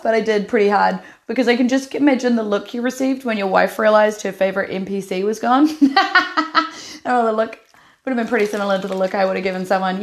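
A woman's voice: a little high, a little mellow. A woman hosting a podcast, chatty and upbeat, saying "like" often. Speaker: podcast host. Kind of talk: casual chat. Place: bath.

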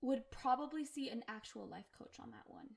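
A woman's voice: a little high, big pitch swings, moderate pace, gravelly, darkish tone, slightly rough. A young woman co-hosting a podcast, chatty and jokey, with lots of filler words. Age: young adult. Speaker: podcast co-host. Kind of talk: casual chat.

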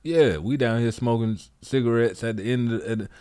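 A man co-hosting a podcast in laid-back casual chat, often cutting in with quick asides. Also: mid-range voice, darkish tone, clear, resonant tone, no room sound, studio quality. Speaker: podcast co-host.

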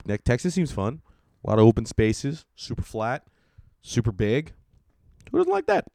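A man's voice: medium pitch, huge pitch swings, moderate pace, gravelly, mellow, no room sound, studio quality. A young adult man from California, a stand-up comedian telling rambling, profane tour stories in a casual podcast monologue. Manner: profane, rambling, self-mocking.

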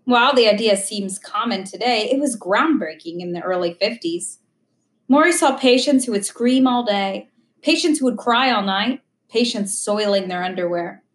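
A woman reading a memoir aloud at a slow, measured pace. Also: mid-range voice. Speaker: audiobook reader. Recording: echoey room.

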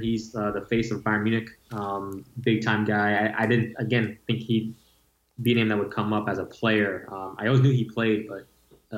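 A man co-hosting a casual podcast in a lower voice, halting and restarting often. His audio is roomy and dull, with the treble rolled off. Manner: halting, many ums and restarts. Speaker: podcast co-host.

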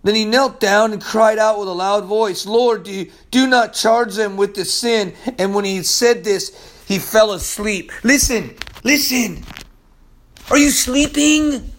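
A man preaching a sermon in a casual, slangy way, swinging from loud emphasis to hushed asides. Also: sits high, unhurried.

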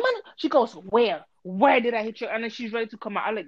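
A woman telling a story in casual chat, animated and swearing, acting out both sides with a voice she calls harsh. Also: fairly high pitch, brisk, no echo, highs cut off. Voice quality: harsh-sounding voice.

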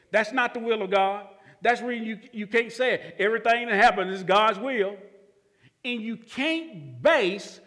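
A male pastor delivers a sermon in a high, bright voice that leaps up and down. He asks questions and answers them himself, dropping to near-murmurs before rising to shouts. The sound carries the long reverb of a church hall. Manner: preaching with call-and-response questions, swinging from low murmurs to shouts.

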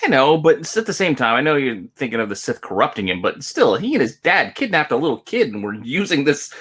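A man's voice: medium pitch, very animated, fairly quick, a bit bright, husky. Casual man reviewing a book. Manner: thoughtful, hesitant restarts. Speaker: podcast co-host.

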